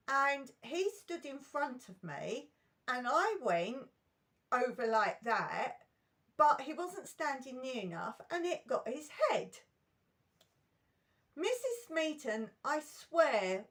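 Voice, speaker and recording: A middle-aged woman recounting school memories in an emotional, animated storytime vlog. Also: high voice.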